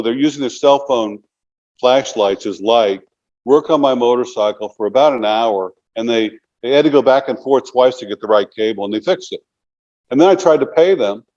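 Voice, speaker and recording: A man in his sixties, appearing as an interview guest, tells long, casual, rambling stories packed with "you know." His medium-pitched voice is a little mellow, and the highs are cut off.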